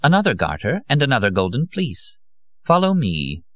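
A haughty storybook queen, cold and commanding, as a man puts her on with a raised voice. The delivery is lively and the recording is dry and muffled. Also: fairly low pitch, moderate pace, no room sound. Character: haughty imperious female queen.

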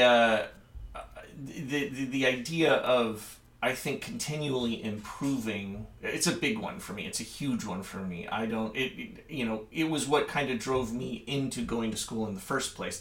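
A man who teaches cello chats casually with a colleague, starting over often and slipping into quoted voices. His voice sits at an ordinary middle pitch. The room around him rings with a noticeable echo. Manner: animated, many restarts and fillers, acts out quoted voices. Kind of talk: casual chat between colleagues.

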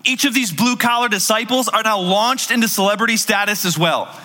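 Mężczyzna, pastor wygłaszający kazanie w żywym, gawędziarskim stylu, nagrany z długim pogłosem dużej sali. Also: male voice, high voice, brisk, in a large hall. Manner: lively conversational storytelling with acted-out quotes. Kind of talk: sermon.

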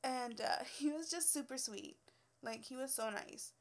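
A young woman with a slightly high voice tells stories from her hairstylist days. She is blunt and exasperated, swears freely and laughs between her points. Her delivery is casual and unscripted. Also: a little slow. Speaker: former hairstylist telling work stories. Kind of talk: casual storytelling rant.

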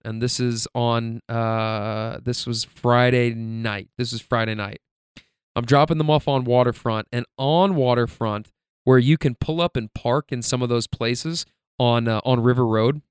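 Smooth and mid-range, this male podcast host rambles through a casual storytelling monologue, laid-back and profane with constant filler words. The recording is dry and studio quality.

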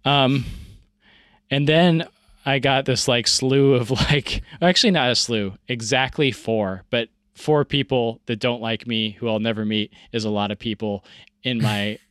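A man's voice: medium pitch, steady tone, measured pace, fairly bright tone, clean tone, no echo. Casting: man, forties, rambling casual storyteller, dry close sound. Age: 40s. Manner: rambling, self-deprecating, many fillers.

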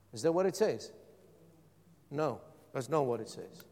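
A man's voice: mid-range voice, expressive, measured pace, long pauses, warm tone, big-room sound. A middle-aged man preaching a sermon as pastor, firing rhetorical questions and repeating phrases for emphasis.

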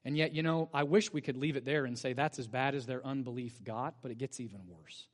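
Preaching in a church sanctuary, a male pastor with a medium-pitched, fairly quick voice tells the story energetically and poses rhetorical questions to the congregation. Long church-hall reverb trails his words.

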